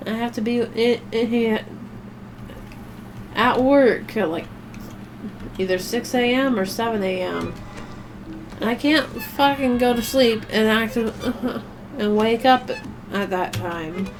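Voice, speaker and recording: Woman streaming a game, kinda high voice, rambly and sweary, faint music behind. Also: slow, pauses often. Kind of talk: casual chat while gaming.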